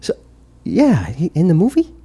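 Male podcast co-host, slightly high pitch, swears freely and acts out his stories. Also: normal speed, slightly rough. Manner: profane, animated storyteller who acts out quotes. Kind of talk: casual storytelling.

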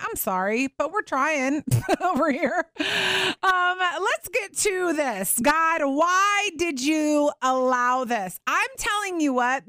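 A chatty woman in her thirties hosts a Christian talk show, her coming through as she laughs and talks animatedly. Her voice sits fairly high and sounds smooth and clear. The studio is dry, with no room sound. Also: a bit bright, dry recording. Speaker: radio and podcast host. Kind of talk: casual faith talk.

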